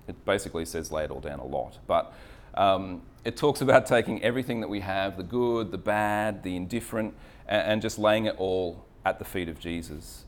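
A man's voice: low voice, moderate pace. A man giving an earnest, reflective faith talk in an air-conditioned cafe. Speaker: speaker sharing faith reflections.

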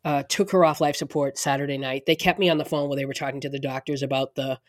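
A woman's voice: rumbling low, steady tone, quick pace, no echo, clean studio sound. A middle-aged woman co-hosting a podcast, talking casually with many restarts and laughing through hard moments. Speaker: podcast co-host. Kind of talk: casual conversation.

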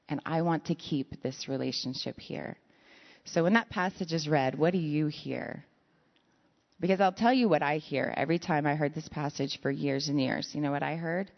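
A woman preaching a conversational sermon, telling stories with self-deprecating asides. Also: deep voice. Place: church sanctuary. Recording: lo-fi sound in a reverberant hall.

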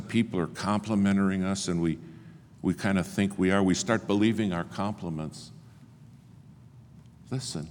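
An older man preaching a sermon, telling stories and acting out the dialogue with big swings in pitch and loudness. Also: a little hiss or hum. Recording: long hall reverb, faint ambience.

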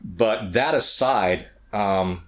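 A man's voice: lowish voice, drawn-out words, fairly bright tone. A middle-aged man co-hosting a podcast in casual chat, often repeating words and restarting phrases while he thinks. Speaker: podcast co-host.

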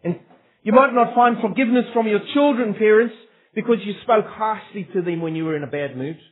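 Guy preaching a sermon, earnest and emphatic, tinny phone-like sound. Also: sits high. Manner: earnest, slow emphatic preaching with rhetorical questions. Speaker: pastor.

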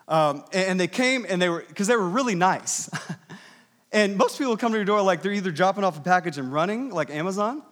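A man's voice: a little high, a bit bright. A man preaching as a pastor, telling a story in a conversational way and building to emphatic passages. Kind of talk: sermon. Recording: long hall reverb.

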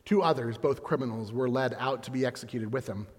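A man giving a lively, dramatic retelling of a scripture story, with conversational asides. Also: mid-range voice, brisk, long reverb tail.

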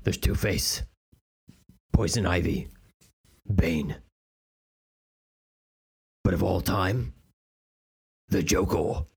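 Guy doing a mumbly gruff caped hero with a speech impediment, deep and slow, kinda husky. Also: a little mellow, heavily acted. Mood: grim.

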